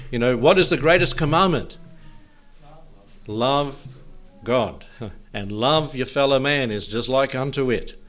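A man preaching a sermon at a church service. He chuckles often between phrases and reads scripture slowly, lifting his voice for emphasis. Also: mid-range voice, a bit bright. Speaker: pastor.

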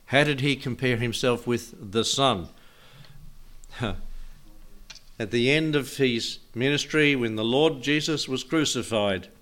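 A man's voice: medium pitch, fairly bright tone. An older man preaching a Bible teaching sermon in a folksy way, chuckling often and asking his listeners questions.

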